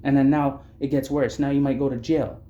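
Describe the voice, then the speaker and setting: With a warm, medium-pitched voice that barely moves in pitch, a Canadian vlogger speaks a little fast about being homeless. His story is angry, blunt and full of swearing, recorded lo-fi in an echoey room.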